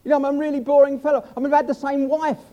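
A man's voice: extremely high pitch, little pitch movement, racing, dark tone, lo-fi sound. An older man preaching a humorous sermon, chatty and self-mocking as he tells stories.

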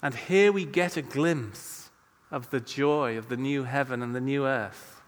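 A man preaching a sermon in a slow, measured way, letting his phrase ends fall soft. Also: mid-range voice. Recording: long hall reverb.

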